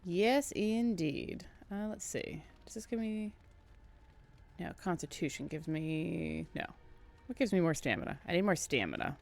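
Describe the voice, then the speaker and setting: A woman's voice: low voice, animated, moderate pace, vocal fry. A woman in her thirties from Alaska, chatting casually with rambling asides while playing a video game. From Alaska, USA. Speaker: let's play streamer. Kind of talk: casual gameplay commentary.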